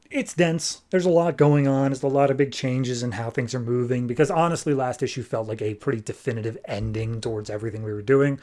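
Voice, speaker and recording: A man's voice: medium pitch, a little fast. Chatty male comic podcast host. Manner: animated, chatty retelling with filler words. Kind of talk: casual comic book review.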